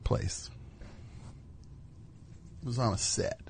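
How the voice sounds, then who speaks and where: A man's voice: takes it slowly, a little mellow, a little hiss or hum. A man hosting a radio show, rambling and riffing in casual comedic chat in a studio. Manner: rambling, riffing with put-on voices.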